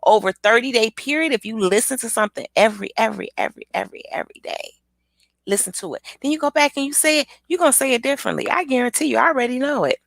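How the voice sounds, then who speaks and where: A woman hosting a casual motivational live stream, chatty and lively, talking straight to her viewers. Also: fairly high pitch, racing, vocal fry, no room sound.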